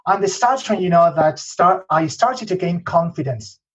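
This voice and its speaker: A man's voice: high voice, expressive, moderate pace, breathy edge, dull audio. Spanish-accented man telling stories. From Spain. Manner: peppers talk with "okay?" and "you know", frequent restarts. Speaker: podcast guest. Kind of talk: casual interview storytelling.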